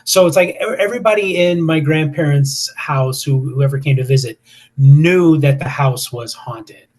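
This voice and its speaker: Husky-voiced man telling a ghost story. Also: a little high, normal speed, a little mellow. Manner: rambling, many fillers and restarts. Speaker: paranormal investigator guest. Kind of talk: casual storytelling interview.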